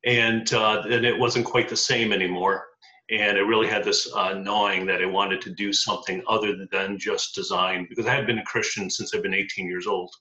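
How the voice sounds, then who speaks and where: A man's voice: lowish voice, fairly even intonation, normal speed, bright, forceful tone. A middle-aged man telling his life story in an interview, with many ums and uhs. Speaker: interview guest. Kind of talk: casual storytelling. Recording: dull lo-fi audio in echoey room.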